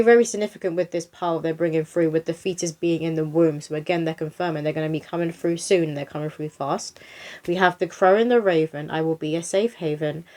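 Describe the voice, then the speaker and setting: A young woman talks through a psychic card reading. Her voice sits a little low, and her delivery is chatty and flowing. She slips into a gentle reading voice for rhyming poems. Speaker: psychic medium host.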